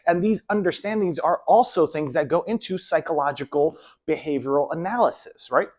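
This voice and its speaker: A man's voice: on the high side, fairly quick, a little mellow. A young man casually talking to camera with rambling advice, often trailing off with "so on and so forth". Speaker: video host.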